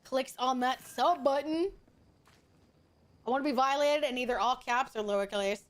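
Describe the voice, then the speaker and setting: Woman streamer, high voice, rambling, casual chat with viewers. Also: moderate pace. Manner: chatty, rambling, talks to chat.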